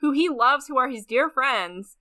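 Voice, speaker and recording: A woman's voice: high-pitched, lively intonation, unhurried, bright, forceful tone. A woman co-hosting a casual comedy podcast, crudely and gigglingly recapping a movie scene by scene. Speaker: podcast co-host.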